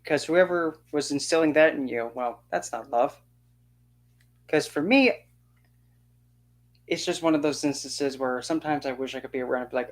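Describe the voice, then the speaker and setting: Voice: mid-range voice, moderate pace, long pauses. An occult channel host delivering an indignant, sarcastic opinion rant to camera, often mocking others by quoting them in put-on voices. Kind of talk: ranting opinion monologue.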